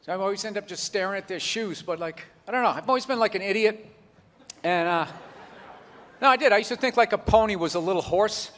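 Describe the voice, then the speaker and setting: A man doing a stand-up comedy set on a club stage, rambling and animated with constant "you know" asides. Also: high voice, a little fast. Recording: live club recording with reverb and crowd.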